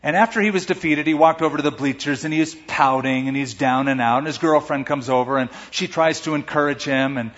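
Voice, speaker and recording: A man's voice: on the high side, brisk, hardly any pauses. A man preaching a sermon as pastor, emphatic and rising to strong peaks of emphasis. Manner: emphatic preaching with dramatic swings in loudness. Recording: echoey hall, dull muffled sound.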